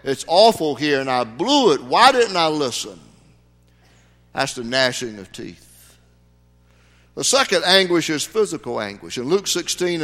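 A man's voice: medium pitch, bright, forceful tone. A man preaching a sermon as pastor, folksy, with sudden emphatic rises. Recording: long hall reverb.

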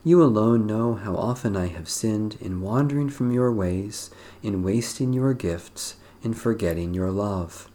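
Slow, mellow man leading evening prayer. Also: fairly low pitch. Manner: measured, solemn liturgical reading. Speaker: prayer leader.

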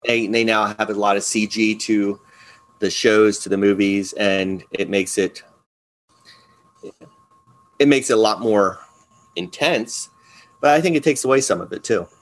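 A man's voice: lowish voice, measured pace, long pauses. A man co-hosting a podcast in casual chat, rambling with many fillers and restarts. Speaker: podcast co-host.

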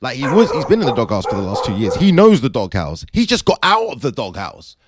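A man vlogging, telling his theory in a chatty, animated way with many fillers. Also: mid-range voice, brisk, no room sound, clean studio sound. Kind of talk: casual commentary monologue.

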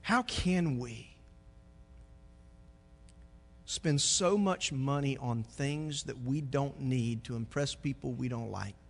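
Preaching man with a booming swing. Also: a little slow, gravelly, big-room sound. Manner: swings from quiet to loud, joking asides. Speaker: pastor. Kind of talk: sermon.

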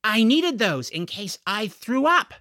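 A man reading an audiobook, voicing an excited, pleading twelve-year-old boy in a raised voice. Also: unhurried, dry recording, clean studio sound, full character voice. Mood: eager. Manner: eager, pleading, high-pitched. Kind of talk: audiobook character voice.

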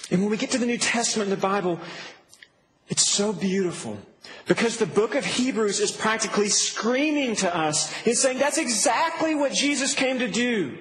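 Male pastor, high voice, earnest sermon delivery, faint hiss in a reverberant hall. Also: expressive, normal speed, fairly bright tone. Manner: earnest preaching, rising to emphatic peaks.

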